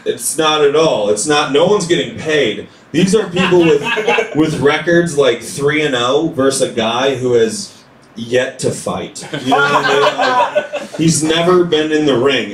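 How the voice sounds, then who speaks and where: A man's voice: on the high side, a little hiss or hum. A man from a small town doing a stand-up routine, chatty, leaning on "like" and acting out quotes. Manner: chatty, leans on "like", acts out quotes. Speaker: stand-up comedian. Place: comedy club stage. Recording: echoey club room heard from far off.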